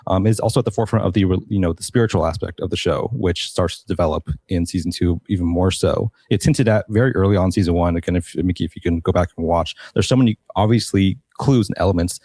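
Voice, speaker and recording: A man hosting a casual panel discussion, thoughtful and unhurried, with many pauses and restarts. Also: sits low, darkish tone, husky, no room sound. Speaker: podcast host.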